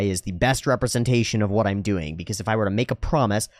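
A man's voice: fairly low pitch, brisk, no echo, clean studio sound. A man hosting his channel in a casual, reflective monologue, earnest and rambling, correcting himself as he goes. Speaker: channel host.

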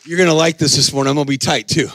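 Animated, bright-voiced male preacher. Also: fairly high pitch, rapid-fire, slight background noise. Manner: animated storytelling, shouting at peaks. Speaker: pastor. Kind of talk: sermon.

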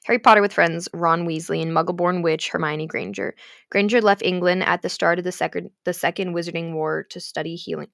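A young woman gushing about a book to her viewers, swearing freely and swinging between gasps, whispers and shouts. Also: on the low side, steady tone, fairly quick, gravelly, dry recording, clean studio sound. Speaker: fanfiction vlogger. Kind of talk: emotional casual rant about a book.

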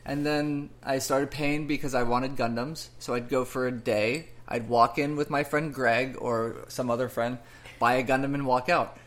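A man's voice: mid-range voice, steady tone, normal speed, fairly bright tone. A man hosting a podcast in casual chat at a friend's house, rambling with frequent restarts and swearing freely. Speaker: podcast host.

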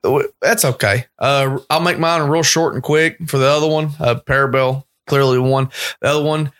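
A man's voice: mid-range voice, fairly even intonation, moderate pace, fairly bright tone. A man co-hosting a podcast in a casual chat, easygoing and enthusiastic. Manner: easygoing, enthusiastic about music. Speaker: podcast co-host.

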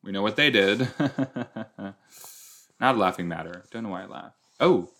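A man hosting a casual watch-along podcast, chatty and excitable, talking back at the screen as he reacts to a TV episode. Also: on the low side, moderate pace.

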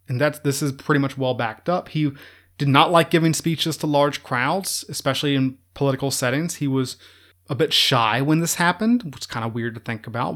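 A man hosting a history show, talking casually and jokily, with many asides and restarts. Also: mid-range voice. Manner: jokey, conversational, full of asides and restarts. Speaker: history podcast host.

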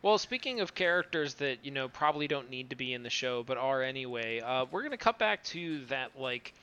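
A man's voice: mid-range voice, lively intonation, fairly quick, bright, forceful tone, clear, resonant tone. A man co-hosting a casual anime review podcast, rambling and sarcastic, swearing as he recaps the plot. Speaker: podcast co-host. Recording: dull lo-fi sound.

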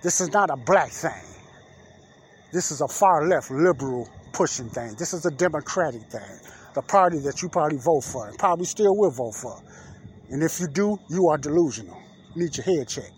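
A man, hosting a casual political talk podcast outdoors at night, folksy and preachy, often clearing his throat. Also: on the high side, lively intonation, moderate pace, a little hiss or hum. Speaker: podcast host. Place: outdoors in the dark.

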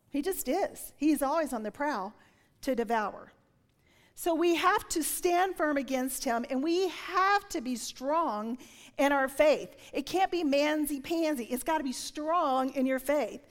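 Женщина за шестьдесят проповедует в гулком зале, голос высоковатый. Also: female voice, high-pitched. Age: 60s. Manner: animated storytelling, drops to whispers when quoting. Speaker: preacher. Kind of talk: sermon with personal testimony. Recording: long reverb of a large hall.

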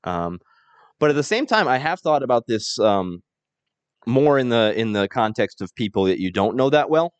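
A man's voice: medium pitch, sing-song, moderate pace, clear, resonant tone, no echo. A man in casual podcast chat who often restarts and repeats words as he thinks.

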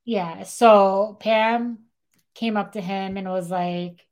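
A young woman tells a true-crime story in casual chat, slipping into the voices of the people in it. Her voice sits at an ordinary middle pitch. She leans on "like" and throws in loose asides as she goes. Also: takes it slowly. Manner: animated retelling, acts out quotes, frequent "like". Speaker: podcast co-host.

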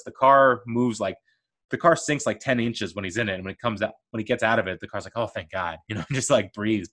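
A man's voice: medium pitch, fairly bright tone. A man hosting a podcast, giving an enthusiastic, casual film rant with frequent laughter and playful mock voices. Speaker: podcast host reviewing a film.

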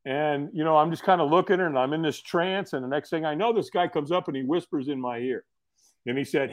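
A man as a podcast guest, telling a story in a casual, animated way, acting out other people's lines, laughing often and swearing now and then. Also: fairly high pitch, fairly quick.

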